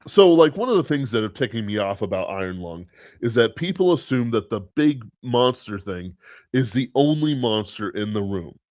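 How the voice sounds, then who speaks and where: A podcast host thinks out loud in loose, rambling commentary, swearing occasionally. His mid-range voice is sing-song and a little mellow at a normal speed, and the dull, lo-fi recording is dry with no echo.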